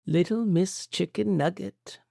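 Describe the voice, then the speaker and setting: A man putting on the voice of a sinister old male galactic emperor, speaking slowly and low. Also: creaky, mellow, dry recording, studio quality, exaggerated voice.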